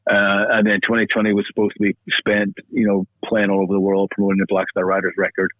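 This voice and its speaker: A man with a Northern Irish accent talks fast and affably, his voice sitting low. He's a guest calling in, and the sound is thin and tinny like a phone line. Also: completely flat delivery, no room sound. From Northern Ireland. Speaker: musician guest. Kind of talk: phone interview. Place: Los Angeles, calling in.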